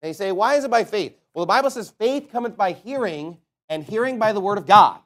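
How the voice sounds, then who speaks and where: A man preaching a sermon with passion, reading King James scripture and swinging between loud emphatic peaks and quiet asides. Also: sits high, expressive, a little fast.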